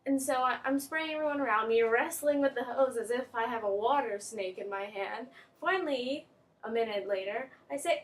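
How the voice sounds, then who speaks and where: A young woman vlogging, telling a funny school story in an animated way, breaking into squeals and laughs. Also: high voice, normal speed. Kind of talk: casual storytelling.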